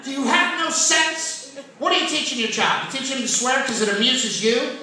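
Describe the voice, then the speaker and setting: A man voicing an exasperated wife who scolds in a shrill, nagging tone. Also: normal speed, pushed and bright, full character voice. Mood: scolding. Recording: echoey noisy far-off audience recording.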